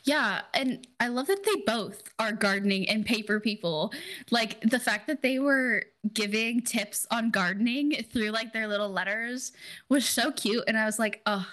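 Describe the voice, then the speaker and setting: A woman's voice: on the high side, normal speed, a bit bright. Chatty, upbeat woman podcast host. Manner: chatty and enthusiastic, many "like"s. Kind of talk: casual podcast conversation.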